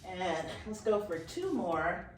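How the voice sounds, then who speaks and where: A woman's voice: on the low side, sing-song, slow pace. Breathless fitness coach woman over music. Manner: encouraging, counts reps and cues form while exercising. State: slightly out of breath. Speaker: fitness instructor. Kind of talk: workout instruction. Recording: roomy, from a distance, with faint music.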